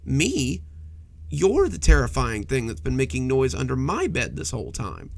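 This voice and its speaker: A small monster child under the bed, high-voiced and stammering with fear, put on by a man. His voice has a gravelly edge. He blusters, then pleads, in a storybook horror tale. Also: big pitch swings, moderate pace, full character voice. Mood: defensive. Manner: timid, stammering, fearful. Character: frightened little monster boy under the bed.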